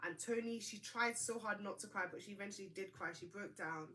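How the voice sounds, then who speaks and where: Chatty girl recapping reality tv, bright voice, big gossipy reactions. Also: medium pitch, fairly quick, a little hiss or hum. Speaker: host.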